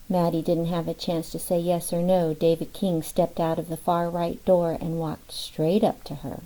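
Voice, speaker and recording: A woman reads an audiobook in a measured, expressive way. Her voice is mellow and sits a little low. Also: poor audio. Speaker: audiobook narrator. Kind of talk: scripted narration.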